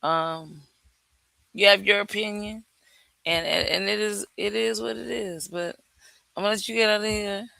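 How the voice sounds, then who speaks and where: A hoarse man who is a guest on a livestream, chatting in a rambling, teasing way and repeating himself. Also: high voice, steady tone, moderate pace, pauses often, bright, forceful tone, dry recording. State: hoarse from yelling. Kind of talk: casual livestream chat.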